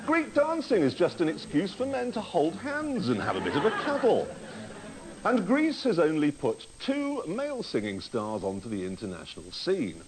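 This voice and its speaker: A man's voice: a little high, wildly swooping pitch, moderate pace. A man hosting a comedy show, delivering a wry, mocking comic monologue to camera. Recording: loud background noise.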